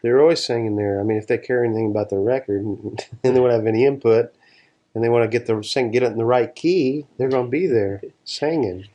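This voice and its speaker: A man's voice: mid-range voice, fast, warm tone. A man guesting on an interview, telling rambling stories in casual talk and often restarting his sentences. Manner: rambling, restarts sentences, laid-back storytelling. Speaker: session guitarist, interview guest.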